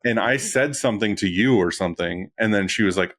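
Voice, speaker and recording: A man hosting a podcast, telling stories in a relaxed, casual way with the odd swear word. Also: on the low side, fairly quick. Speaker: podcast host. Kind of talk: casual interview chat.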